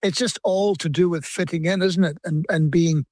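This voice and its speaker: A man's voice: fairly high pitch, steady tone, moderate pace, a little mellow, no room sound. An older Scottish man, a musician guest in an interview, talking in a reflective way with many restarts. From Scotland. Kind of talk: relaxed conversational interview.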